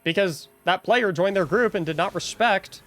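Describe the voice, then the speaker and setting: A man's voice: high-pitched, normal speed, a bit bright. A young man streaming, ranting in a casual, exasperated way, often restarting and repeating words. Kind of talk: casual livestream rant.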